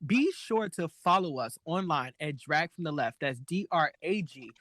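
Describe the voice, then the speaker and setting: Guy co-hosting a casual drag chat show, kinda high voice, animated, dry close sound. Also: normal speed, no echo. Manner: animated, laughing, mimicking lines in a high voice. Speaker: podcast co-host.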